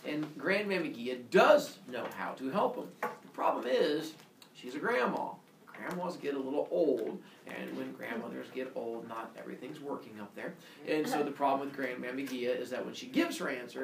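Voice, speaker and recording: Brief: lively male teacher storytelling to a class, sound effects and voices; distant, roomy classroom sound. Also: medium pitch, normal speed, creaky, slight background noise. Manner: animated, goofy, sound effects.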